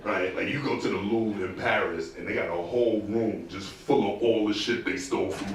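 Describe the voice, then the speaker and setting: A man's voice: on the low side, normal speed, few pauses, noisy background. A man from New doing profane stand-up comedy on a club stage. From New York. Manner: animated, profane, bursts into mock shouting. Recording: echoey club from far off, crowd.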